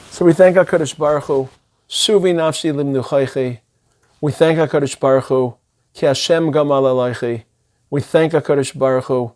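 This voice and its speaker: Earnest middle-aged rabbi preaching. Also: male voice, medium pitch, darkish tone. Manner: earnest, emphatic delivery sprinkled with Hebrew and Yiddish terms. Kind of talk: sermon.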